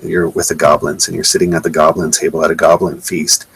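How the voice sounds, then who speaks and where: Deep gravelly man, indignant. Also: little pitch movement, brisk, a bit bright, no room sound, rough recording. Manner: indignant, sarcastic, repeating himself. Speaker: presenter. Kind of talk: live webcast slideshow talk.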